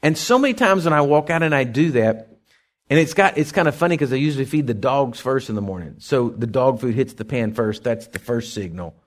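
A middle-aged male pastor preaching a sermon in a folksy, conversational way, with asides and questions to the congregation. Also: medium pitch.

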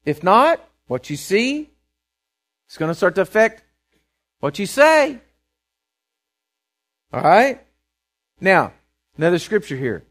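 Speaking slowly and pausing often, a high-voiced male pastor delivers a sermon from the pulpit in simple, folksy words. He is animated, performing the voices of the people he quotes.

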